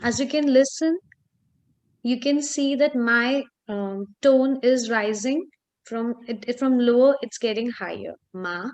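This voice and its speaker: A woman walks a student through a Chinese lesson, speaking slowly and carefully. Her voice sits a bit high, and she pauses often with small fillers as she explains. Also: darkish tone. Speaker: Chinese tutor. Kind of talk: online language lesson.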